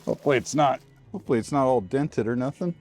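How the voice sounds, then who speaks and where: Soft music plays behind a man whose mid-range, darkish voice moves quickly with lively intonation. He's in his RV with a handheld mic, working and casually grumbling to viewers and himself in folksy vlog talk.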